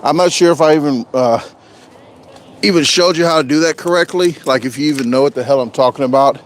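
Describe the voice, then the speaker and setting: A man's voice: a little high, fairly quick. A man chatting casually on a live stream, rambling and joking, often repeating himself. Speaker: vlogger doing a live stream.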